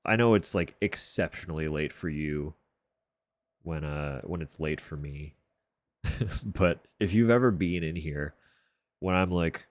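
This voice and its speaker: A man streamer chatting casually from a room at home, keeping his voice level and low and swearing offhandedly. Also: dry recording. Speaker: livestreamer. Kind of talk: casual chat on a live stream. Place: room at home sharing a wall with a neighbor's bedroom.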